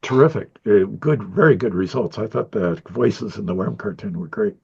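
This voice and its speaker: A man's voice: lowish voice, expressive, normal speed, gravelly, darkish tone, husky, dull audio. An older man in a rambling interview about his animation career, a chuckling storyteller who acts out what people said.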